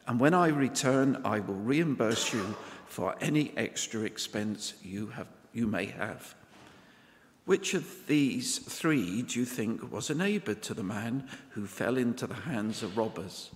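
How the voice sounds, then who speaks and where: Male scripture reader, unhurried and solemn, in a reverberant church. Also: medium pitch. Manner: measured, solemn reading. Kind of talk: Bible reading in church.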